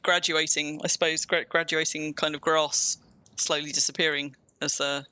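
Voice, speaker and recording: A woman with a southern English accent chats away on a live stream as she games, her tone bright and forward. She rambles from one thought to the next and often restarts a sentence midway. The sound is dry and close, with no room around it. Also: low-pitched, no room sound. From England. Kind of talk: casual live-stream chat while gaming.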